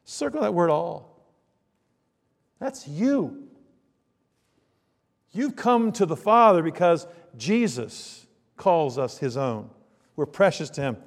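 A man preaching a sermon, dramatic, swinging between loud emphasis and hushed asides. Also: on the high side, expressive, slow pace, long pauses. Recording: long reverb of a large hall.

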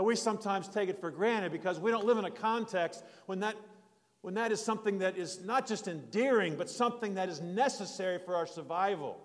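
A man's voice: sits high, long reverb tail. An older man preaching a sermon in a folksy, rambling storytelling way, with restarts and asides. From United States.

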